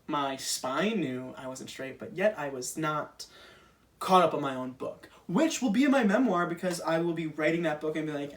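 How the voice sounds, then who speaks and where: Speaking at a moderate pace in a fairly high, animated voice, a young man performs loose stand-up, poking fun at himself and filling his talk with ums and likes. The mic is some distance away.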